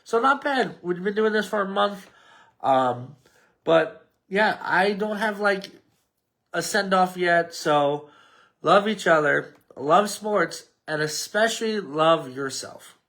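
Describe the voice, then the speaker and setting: A man's voice: high voice, expressive, slow, fairly bright tone. A man with a New York accent hosting a casual solo sports podcast, rambling and mumbling at times. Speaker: podcast host.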